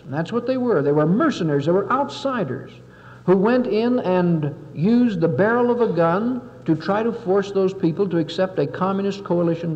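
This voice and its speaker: A man's voice: sits high, a little mellow. A man giving an impassioned public speech, speaking emphatically and with oratorical force, sometimes acting out the people he quotes. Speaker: political lecturer. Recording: dull 1961 lo-fi tape with long hall reverb.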